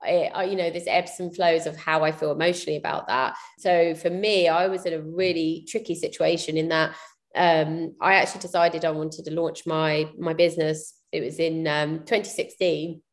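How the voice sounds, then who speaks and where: Woman, thirties, slightly low pitch, candid and reflective, casual interview chat. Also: fairly even intonation, moderate pace. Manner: candid, reflective, with frequent fillers and restarts. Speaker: podcast guest, PR business founder.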